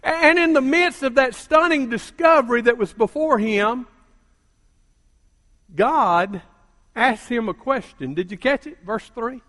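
An older man preaching a sermon as a pastor, calling out to the congregation and building to emphatic shouts. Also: extremely high pitch, a little slow. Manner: call-and-response preaching, rising to emphatic shouts. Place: church sanctuary. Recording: long reverb of a church hall.

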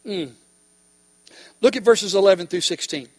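High-voiced man preaching in a reverberant hall. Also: normal speed. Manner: emphatic preaching with call-and-response questions. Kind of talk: sermon.

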